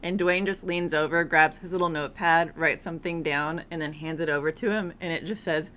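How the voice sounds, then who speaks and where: Young woman, podcast co-host, bright tone, low-ish pitch, faint hiss. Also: normal speed. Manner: laughs easily, jumps in with quoted lines. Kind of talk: casual chat recapping a film.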